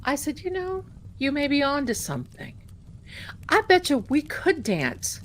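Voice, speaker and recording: A woman talks from her desk at home on a livestream, her slightly high voice swinging widely up and down as she spins a funny personal story. She takes her time over each line. A faint hum of room ambience sits behind her. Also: measured pace. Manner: chatty, animated, laughing at her own story. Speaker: tarot livestream host. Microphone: desk mic at home.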